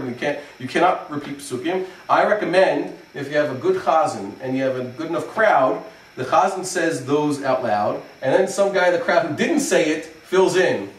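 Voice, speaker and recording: A rabbi explaining the cantillation of verses in a relaxed lesson, pausing to chant phrases as examples. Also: male voice, fairly high pitch, distant mic, slight background noise. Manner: explains slowly, then chants phrases to demonstrate. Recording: echoey room, voice from off-mic.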